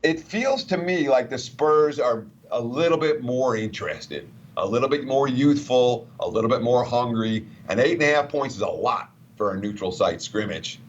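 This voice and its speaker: A man's voice: mid-range voice, expressive, moderate pace, hardly any pauses, lo-fi sound, a little hiss or hum. A man giving sports betting analysis in a chatty, conversational way. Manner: chatty, reads out quotes.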